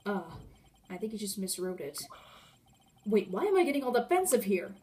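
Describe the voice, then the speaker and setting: A woman's voice: mid-range voice, very animated, normal speed, mellow, close to an everyday voice. Lady doing a nervous young lawyer dude, mumbly asides. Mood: flustered. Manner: flustered, muttering asides. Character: earnest young male defense lawyer.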